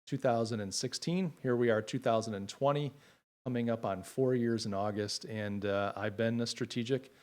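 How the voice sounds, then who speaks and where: A middle-aged man hosting a casual livestream who talks with heartfelt emotion, halting often with fillers. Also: medium pitch, darkish tone. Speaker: livestream host.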